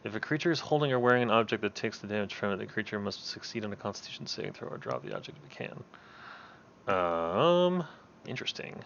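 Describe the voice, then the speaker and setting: A man hosting a tabletop session as game master, reading rules aloud and pausing on his fillers. His voice is bright and swings widely in pitch. The call audio is dull and lo-fi. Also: big pitch swings, vocal fry, a little hiss or hum.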